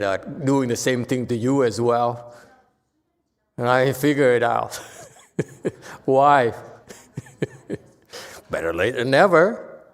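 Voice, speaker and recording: Emphatic monk lecturing in reverberant hall. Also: male voice, mid-range voice. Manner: animated, emphatic, voices dramatic quotes. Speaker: Buddhist teacher. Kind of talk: dharma lecture.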